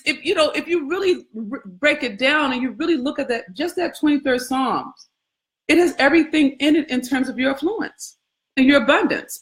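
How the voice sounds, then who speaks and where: A woman's voice: high-pitched, fairly bright tone. A woman hosting a casual scripture contemplation, talking conversationally with frequent questions, profanity and laughter. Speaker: host.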